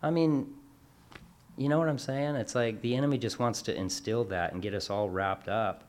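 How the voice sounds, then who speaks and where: A man's voice: medium pitch, moderate pace, slight background noise. A man chatting casually as a show's co-host, telling a long work story in a rambling way with self-corrections and acted-out quotes. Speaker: workplace class instructor. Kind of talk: casual chat.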